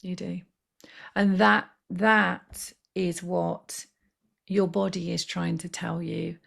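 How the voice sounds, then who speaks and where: Woman healer, guided healing session, gravelly and husky, soft coaxing delivery. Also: fairly low pitch, level tone. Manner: soft, slow, coaxing guidance. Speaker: spiritual healer.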